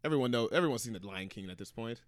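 A man's voice: medium pitch, animated, racing, no room sound, studio quality. A man co-hosting a podcast, telling stories in a loose, rambling casual chat with lots of fillers. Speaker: podcast co-host.

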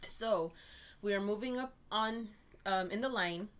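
A young woman co-hosting a casual chat, telling an animated, exasperated story and checking in with "right?" often. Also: mid-range voice, measured pace.

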